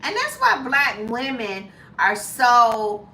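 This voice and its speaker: A woman in her fifties chatting casually as a lifestyle vlogger, animated and jumping to high squeals when acting out reactions. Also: takes it slowly, roomy sound, distant mic. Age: 50s. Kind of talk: casual chat.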